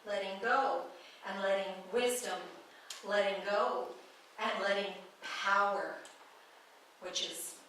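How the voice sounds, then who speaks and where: Bright-voiced woman preaching in an echoing hall. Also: mid-range voice, fairly even intonation, slow, long pauses, a little hiss or hum. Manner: conversational storytelling, playful. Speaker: guest speaker at a spiritual church. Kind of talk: sermon. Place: church sanctuary. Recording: echoey hall from far off.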